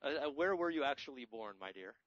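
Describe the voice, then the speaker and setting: A man's voice: medium pitch, lively intonation, a little fast, a bit bright, no echo. An American man hosting a podcast in casual, joking, rambling chat. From United States. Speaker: podcast host. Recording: dry, slightly muffled podcast audio.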